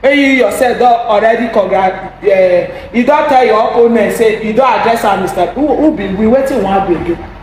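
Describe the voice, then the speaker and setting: A young Nigerian woman in a comic rant, speaking Pidgin-accented English in an agitated, exclaiming way and often shouting. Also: on the high side, normal speed, hardly any pauses, slight background noise. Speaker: vlogger. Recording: very echoey room.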